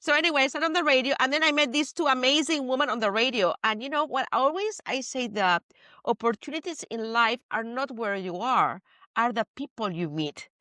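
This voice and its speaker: A woman from Spain with a Spanish accent, hosting a podcast and telling stories in an animated, playful way. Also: high-pitched, brisk, no room sound. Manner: animated storyteller, playful asides. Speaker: podcast host. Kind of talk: casual chat.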